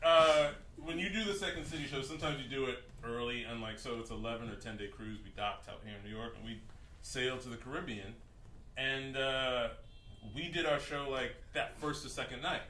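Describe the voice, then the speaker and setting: A man's voice: medium pitch, brisk, bright, forceful tone. Rambling male comedian, echoey club. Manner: rambling, laughs through his story. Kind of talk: storytelling on a comedy stage. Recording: echoey club from far off, noisy.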